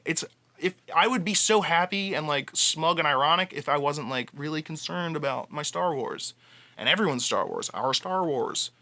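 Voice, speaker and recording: A man's voice: on the high side, expressive, moderate pace, sharp tone, no echo. A man giving a casual fan monologue, passionate and rambling, with frequent restarts. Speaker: fan commentator.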